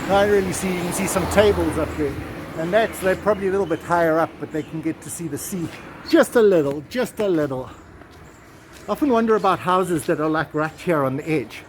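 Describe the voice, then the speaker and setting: Chatty guy walking and vlogging outside, kinda high voice, cars going by. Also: quick pace. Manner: chatty, rambling asides. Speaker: travel vlogger. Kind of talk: casual walking vlog and storytelling. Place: town street outdoors. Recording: outdoor street with passing cars. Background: traffic.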